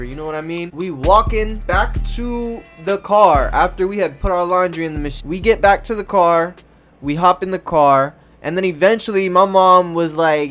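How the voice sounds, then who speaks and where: A man's voice: high-pitched, fairly bright tone. A young man telling a casual storytime, loose and slangy with lots of cursing and fillers. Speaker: vlogger.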